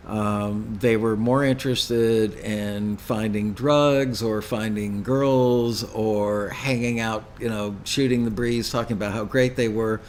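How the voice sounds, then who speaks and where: A man's voice: mid-range voice, slight background noise. An older man hosting a live question-and-answer show, answering chat questions with rambling, anecdotal stories. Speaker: host.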